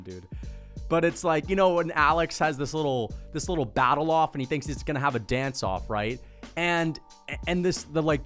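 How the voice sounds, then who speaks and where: Man, fairly high voice, casual MMA commentary, excitable, swears a lot, faint music behind. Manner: profane, excitable, slangy.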